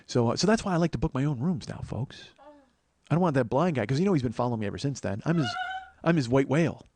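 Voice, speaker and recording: Fast, profane podcast storyteller man. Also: medium pitch. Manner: profane, animated, acts out quotes. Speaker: podcast host. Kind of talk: solo storytelling monologue. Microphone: podcast mic.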